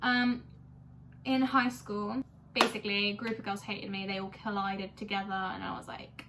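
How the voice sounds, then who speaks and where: A woman's voice: mid-range voice, normal speed, a bit bright, slight background noise, poor audio. A young woman vlogging casually about an album, gushing and chatty, with lots of "like" in her speech. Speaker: music vlogger. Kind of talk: casual chat reviewing an album.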